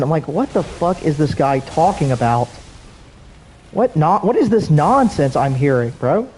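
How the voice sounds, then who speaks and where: A man livestreams himself playing a game and rants to his chat in a loose, meandering way. His voice sits a little high for a man. He swears freely and leans on constant filler words. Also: big pitch swings, measured pace, warm tone, slight background noise. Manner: rambling, profane, heavy on fillers. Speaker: gaming streamer. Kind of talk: rambling livestream chat while gaming.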